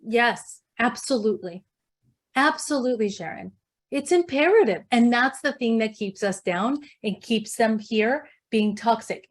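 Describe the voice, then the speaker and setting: A middle-aged woman leading a leadership workshop, questioning her audience and telling stories in an animated way. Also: fairly high pitch. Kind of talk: interactive talk to an audience.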